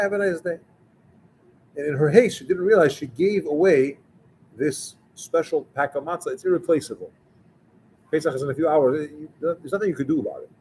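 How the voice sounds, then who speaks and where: A man's voice: fairly high pitch, darkish tone, slight background noise, poor audio. A man speaking as a rabbi, telling a story in a conversational sermon and acting out the dialogue of its characters. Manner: conversational, acts out the dialogue of the people in his story.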